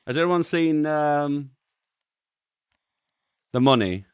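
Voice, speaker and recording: Laid-back man, low voice. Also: normal speed, pauses often, clear, resonant tone, no room sound, studio quality. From England. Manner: relaxed, chuckling, swears offhandedly. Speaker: YouTube host reviewing memes. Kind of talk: casual commentary.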